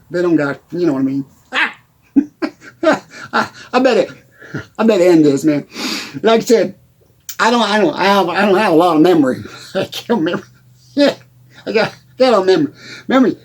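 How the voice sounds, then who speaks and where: A rambling, forgetful country musician, played by a man with a Texan drawl, chuckling his way through a comedy monologue. His voice sits fairly high for a man, and his thoughts wander off mid-sentence. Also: darkish tone. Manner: rambling, giggly, loses his train of thought. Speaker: comedy character host.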